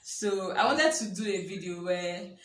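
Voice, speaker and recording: A young woman tells a personal story in a relaxed, animated way, often breaking into laughter. Her voice sits at a middle pitch and sounds a little distant from the mic, with the hollow echo of a bare room and faint background noise. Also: a little slow. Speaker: vlogger. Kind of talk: casual storytelling chat. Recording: echoey room, a bit far from the mic.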